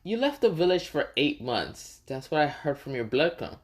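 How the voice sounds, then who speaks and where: A man's voice: a little high, big pitch swings, normal speed, voice pushed up. A man voicing an exasperated young male ninja teacher who keeps pressing for answers. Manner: pressing, impatient questions.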